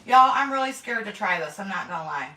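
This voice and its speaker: Talking fast in a mid-range voice with an animated, sharp tone, a middle-aged homestead host chats bluntly with viewers during a casual livestream from her kitchen. She swears and greets people by name. The sound is echoey, picked up by a distant mic, with faint noise.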